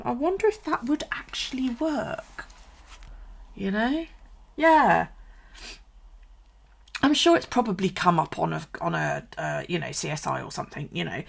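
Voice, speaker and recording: Gravelly chatty woman. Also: mid-range voice, big pitch swings, a little fast, hardly any pauses. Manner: chatty, sweary, laughs a lot, reads and answers viewer comments. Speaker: bullet journal vlogger. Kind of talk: casual chat during a live stream.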